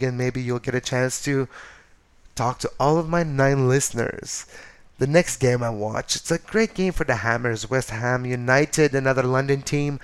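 A man's voice: mid-range voice, smooth. Chatty man recapping soccer games. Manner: animated, excitable, jokey asides and self-corrections. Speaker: podcast host. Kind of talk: casual solo soccer recap.

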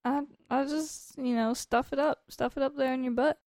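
A woman's voice: high voice, steady tone, moderate pace, creaky, darkish tone, dry recording, studio quality. A woman co-hosting a podcast in casual comedic chat, teasing and laughing often. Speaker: podcast co-host.

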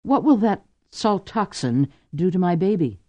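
A man's voice: high-pitched, lively intonation, unhurried, dark tone, voice pushed up. A man voicing a poisoned, pregnant woman who is choking on phlegm and gasping her words. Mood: anxious.

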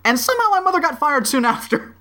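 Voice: high-pitched, sing-song, fast talker, sharp tone. A co-host in a casual chat who talks thoughtfully, often trailing off and restarting.

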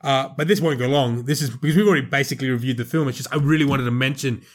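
Animated man reviewing a film. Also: racing. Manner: animated, rambling, emphatic, pitch jumping up and down. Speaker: podcast co-host, film reviewer. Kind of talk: casual chat.

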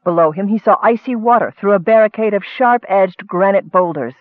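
A man's voice: high voice, fairly quick, no room sound. A man narrating an audiobook, with scholarly asides addressed to a superior, heard through a thin, phone-like recording.

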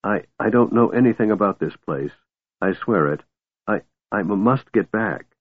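A man's voice: fairly low pitch, animated. A man doing a cringing, stammering sailor. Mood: fearful, pleading. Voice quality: stammering, halting. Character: frightened stammering male sailor, secretive and cringing. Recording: narrow phone-like band, dry.

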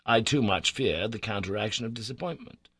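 A man narrating a classic adventure novel in a measured, expressive reading voice. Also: on the low side, slightly rough, no room sound, clean studio sound. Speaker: audiobook narrator. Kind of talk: scripted narration.

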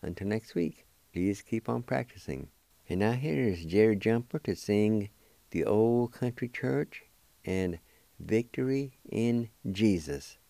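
A man hosting a radio language lesson, spelling words letter by letter and pronouncing them slowly and deliberately. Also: fairly low pitch, expressive, gravelly, mellow, no room sound. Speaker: radio host teaching language.

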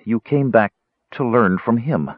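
A man's voice: mid-range voice, expressive, a little slow, dry recording, pitched above the performer's own voice. A man voicing an earnest young woman cleric who speaks formally. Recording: slightly muffled audio.

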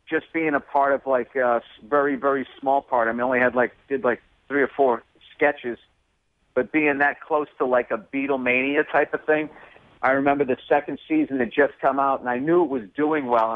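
A male comedian telling stories in a casual interview, lively and acting out other voices. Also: mid-range voice, no room sound. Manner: animated storyteller, acts out voices. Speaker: comedian guest. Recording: tinny phone line.

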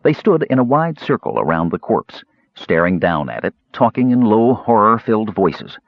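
Husky, low-voiced male storyteller. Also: very animated, moderate pace, no echo. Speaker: audiobook narrator. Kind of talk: scripted narration. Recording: slightly muffled dry recording.

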